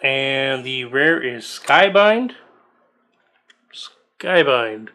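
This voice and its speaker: A man's voice: mid-range voice, expressive, extremely slow, pushed and bright. A man casually reading out trading card text as he opens booster packs, musing aloud between cards. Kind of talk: casual unboxing commentary.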